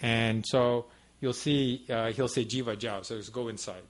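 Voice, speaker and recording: At a devotional center, a male guest speaker tells the audience a personal story at normal speed. His mid-range voice keeps a fairly even intonation, and the telling is chatty and meandering, full of asides.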